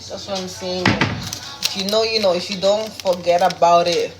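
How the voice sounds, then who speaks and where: She has a fairly low, steady voice at a moderate pace, talking bluntly and with profanity to viewers on a phone while cooking during a casual livestream. The background is noisy, with loud music in an echoey room.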